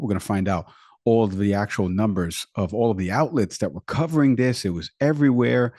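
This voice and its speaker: Man co-hosting with a mellow, dry voice. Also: medium pitch, brisk, dry recording. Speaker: podcast co-host. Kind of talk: casual political chat.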